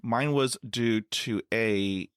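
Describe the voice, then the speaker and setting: A middle-aged man hosting a podcast interview, speaking slowly with stutter blocks and repeated sounds. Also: lowish voice, a bit bright, clean tone, no room sound, studio quality. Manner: slow, halting speech with stutter blocks. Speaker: podcast host.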